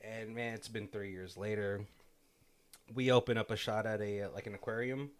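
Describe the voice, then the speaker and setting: A man co-hosting a casual movie podcast, talking in a rambling, animated way and laughing often. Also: fairly low pitch, moderate pace, smooth. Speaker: podcast co-host.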